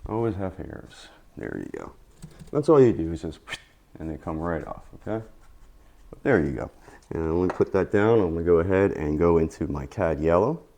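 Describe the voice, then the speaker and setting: A man teaching oil painting in a casual tutorial, tired after a long day, talking in relaxed, repetitive encouraging asides. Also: sits low, normal speed, vocal fry. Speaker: painting instructor.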